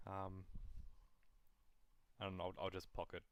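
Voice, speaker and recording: A man at the gaming table with a rather low voice, speaking softly and with hesitation. He often trails off and restarts as he answers the game master. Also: monotone, unhurried, a little hiss or hum. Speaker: player.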